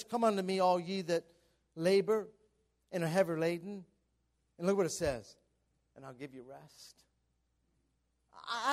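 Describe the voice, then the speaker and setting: Male Baptist preacher in a church, very high voice, shifts between shouts and near-whispers, quizzes the pews. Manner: swings between shouting and hushed low tones; questions the congregation directly. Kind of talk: sermon. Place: church sanctuary.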